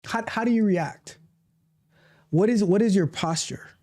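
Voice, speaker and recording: A woman's voice: mid-range voice, unhurried, mellow. A woman coach giving a motivational talk, speaking emphatically, repeating her points and acting out how people react. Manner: emphatic, repetitive, acts out quoted reactions.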